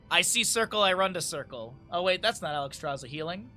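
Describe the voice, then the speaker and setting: A man casting a game live on stream, casual, upbeat and jokey as he chats with his viewers. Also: sits high. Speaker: esports caster and streamer.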